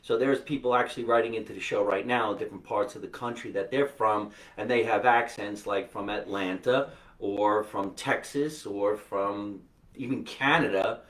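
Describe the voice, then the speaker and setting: A man hosting a live podcast, chatting and joking with quick asides. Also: lowish voice, a bit bright, far from the mic. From New Jersey. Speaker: podcast host. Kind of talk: casual live-stream chat. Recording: echoey room, voice from off the mic.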